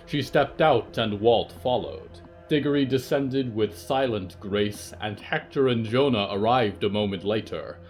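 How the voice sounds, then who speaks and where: Male narrator, low voice, slow and measured, dark fiction podcast. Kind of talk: scripted narration of horror fiction.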